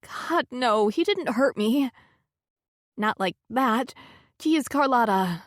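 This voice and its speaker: A woman playing a tearful, halting young heroine. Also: on the high side, expressive, dry recording, studio quality, voice pushed up. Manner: halting, broken phrases.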